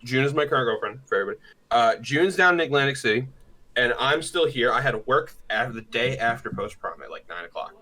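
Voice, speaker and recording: Young male co-host, bright, lively storyteller with a crude mouth. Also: mid-range voice, fast, rough recording. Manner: crude, animated, acts out quotes. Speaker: podcast co-host. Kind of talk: casual storytelling.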